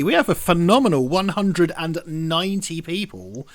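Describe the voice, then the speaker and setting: A man's voice: on the high side, sing-song, normal speed. A man in his thirties hosting a live watch-party stream, chatty and self-deprecating. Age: 30s. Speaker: stream host. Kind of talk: casual live-stream chat.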